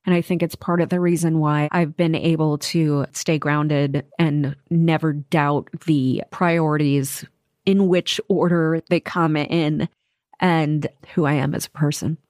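Frank, low-voiced woman in her forties. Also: a little slow, no room sound, studio quality. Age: 40s. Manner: frank, profane, animated storytelling. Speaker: actress and author, guest. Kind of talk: candid interview conversation.

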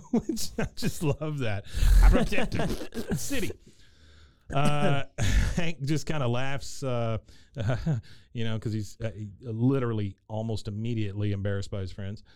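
A man's voice: mid-range voice, slow, darkish tone, dry recording. A man hosting a casual recap chat, telling the story in a meandering way, full of fillers. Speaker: podcast host.

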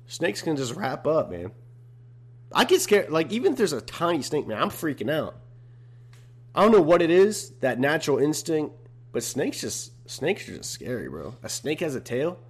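A man's voice: a little high, sing-song, normal speed, slightly rough. A young man hosting a casual solo podcast, talking in a laid-back, slangy way. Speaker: podcast host.

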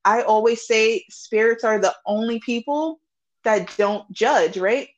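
A woman guest on a podcast, chatting casually about spiritual readings in an animated way, swearing freely and laughing often. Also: on the high side, unhurried, dull audio. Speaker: podcast guest, intuitive reader.

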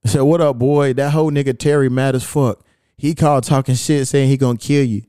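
A man with a medium-pitched, steady, dark and clean voice speaks fairly quickly in a studio-quality recording with no room sound. He's a podcast host telling a story in casual chat, cursing freely and amusedly reading text messages aloud.

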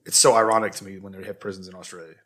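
Man, podcast co-host, quick and bright, blunt and sweary, rambling chat. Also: sits low, level tone. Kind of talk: casual true-crime podcast chat.

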